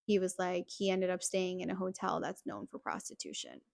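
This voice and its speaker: A woman's voice: fairly low pitch, very animated, moderate pace, creaky, no echo, clean studio sound. A young woman hosting a podcast, telling a personal story in a casual, chatty way full of "like" fillers. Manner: chatty, heavy use of "like" fillers. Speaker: podcast host.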